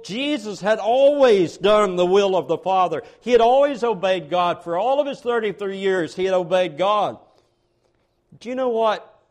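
Man, sermon, high voice, earnest emphasis, repeated phrases, stammered restarts. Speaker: preacher.

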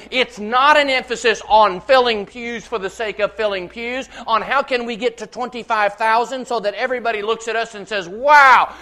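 A male pastor with an extremely high-pitched voice preaches a sermon, reading scripture and citing verse references. He builds up to loud, repeated declarations.

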